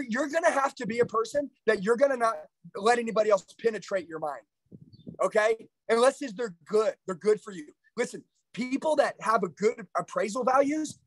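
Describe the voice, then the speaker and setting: A man's voice: high voice, slightly rough, no room sound, poor audio. A middle-aged man giving a live motivational sales training, intense, confrontational and profane.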